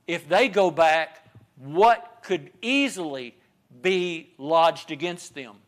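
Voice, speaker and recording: A man's voice: a little high, takes it slowly. A man teaching a Bible study class, repeating phrases for emphasis and asking rhetorical questions.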